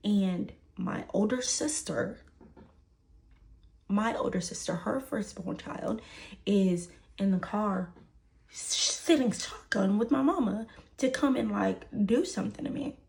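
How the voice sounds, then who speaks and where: This is a young woman with a Southern Houston accent telling a messy personal story in a storytime vlog. Her voice has a noticeable gravelly fry at mid pitch. She keeps it casual and lively, acting out each quoted line. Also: takes it slowly. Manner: animated, acts out the quoted voices, repeats lines for emphasis.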